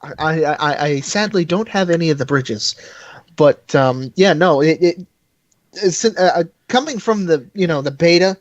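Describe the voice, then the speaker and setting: A man with a somewhat high voice rambles through a casual chat as a podcast guest, full of fillers, restarts and self-deprecating asides. The sound is dry and a little dull, like lo-fi call audio. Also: expressive, normal speed, dry recording.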